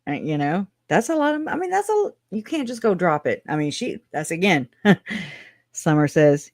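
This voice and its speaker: A woman's voice: fairly low pitch, sing-song, moderate pace, no echo, clean studio sound. A woman hosting a true-crime livestream, reading case notes aloud in a casual, chatty way with sarcastic asides and slang. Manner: chatty and sarcastic, with frequent laughs; informal slang, says y'all.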